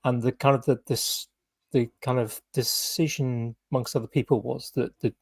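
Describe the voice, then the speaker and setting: A British man hosts a laid-back podcast, winding through his stories with endless "kind of" and "you know". His voice is slightly husky and recorded dry and close. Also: medium pitch, fairly even intonation, normal speed, no room sound. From United Kingdom. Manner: rambling, full of "kind of" and "you know" hedges. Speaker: podcast host. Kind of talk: casual podcast chat.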